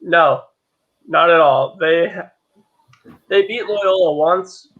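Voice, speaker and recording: A man's voice: on the high side, slow, fairly bright tone, muffled recording. A young man on a sports panel giving blunt, confident picks. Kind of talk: casual sports chat.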